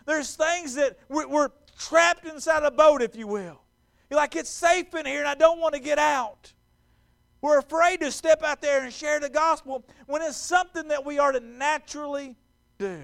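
Preacher guy, high gravelly voice, lively sermon in a church, keeps repeating words. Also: moderate pace. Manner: animated, acts out quoted voices, repeats words. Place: church sanctuary.

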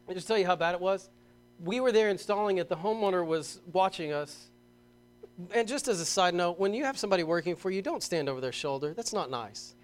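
Pastor, male, middle-aged, higher-pitched, lively sermon delivery with emphatic outbursts. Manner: animated storytelling, emphatic bursts, reads scripture slowly.

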